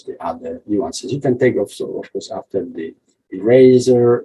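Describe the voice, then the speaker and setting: Low gravelly man teaching drawing. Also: warm tone, low-quality recording. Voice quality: deep gravelly husky voice. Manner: rambling, frequent "yeah?" and "you see" checks. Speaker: art instructor. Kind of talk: drawing tutorial walkthrough.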